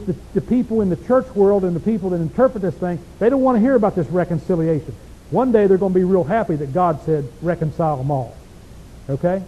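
A man preaching a sermon, teaching a Bible passage in a folksy, emphatic way with many rhetorical questions. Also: sits high. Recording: dull lo-fi recording.

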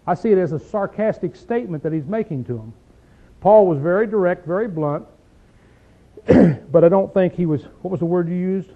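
A high-pitched man leads a Bible study in plain, folksy talk, pressing each point with rhetorical questions. He clears his throat now and then. The sound is thin and tinny, like a phone line. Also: expressive, normal speed. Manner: folksy, emphatic, asks rhetorical questions like "see?" and "okay?". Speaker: preacher teaching a Bible study. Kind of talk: conversational Bible teaching.

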